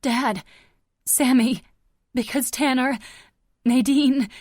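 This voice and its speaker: A woman's voice: high-pitched, slow pace, a little mellow, dry recording, voice pushed up. Woman as hurt heroine, desperate and pleading, strained, dry audiobook read. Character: injured young woman, desperate daughter.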